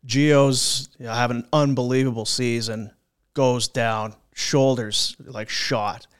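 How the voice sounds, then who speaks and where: A man's voice: medium pitch, fairly even intonation, slow, smooth. A man hosting a sports podcast, telling locker-room stories in casual chat and acting out the quotes. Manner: chatty anecdotes, acts out quotes. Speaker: podcast host.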